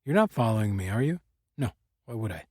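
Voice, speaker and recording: A man's voice: on the low side, very animated, fast talker, darkish tone, no room sound, studio quality. A man voicing a slurred, bitter young woman. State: slightly slurred. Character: beautiful troubled young woman, drugged.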